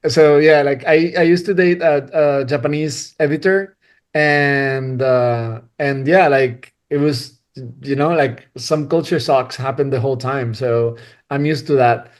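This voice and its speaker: A man's voice: mid-range voice, unhurried. A man talking as a podcast guest in a casual interview chat, loose and searching, with lots of "like" and "you know".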